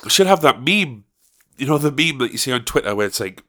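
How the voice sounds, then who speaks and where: Young Northern English man, lively swinging pitch, sweary casual monologue, stumbles and restarts. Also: brisk. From North of England. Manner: animated, sweary, ranting with repeated restarts.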